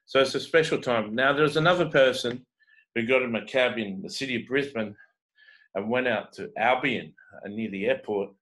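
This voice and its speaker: A man casually telling personal faith testimonies as an evangelist, pausing often with fillers and repeated words. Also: mid-range voice, a bit bright, low-quality recording.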